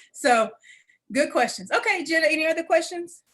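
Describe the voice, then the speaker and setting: A woman presenting an adult education program on a video call, teary and warm as she repeats phrases and laughs. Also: very high voice, lively intonation, normal speed, rough recording. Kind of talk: webinar presentation.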